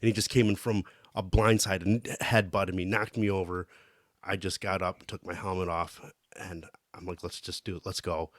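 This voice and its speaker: A man's voice: low voice, flat delivery, normal speed, dry recording, studio quality. A man co-hosting a podcast, recounting stories in chatty casual talk. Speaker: podcast co-host, amateur hockey player. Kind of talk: casual chat.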